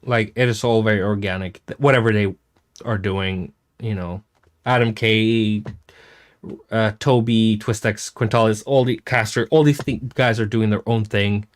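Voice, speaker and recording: A man's voice: on the low side, fairly even intonation, normal speed. A man hosting a casual livestream, reading out and answering chat comments in a rambling, self-interrupting way with casual swearing. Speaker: music producer hosting a chat stream.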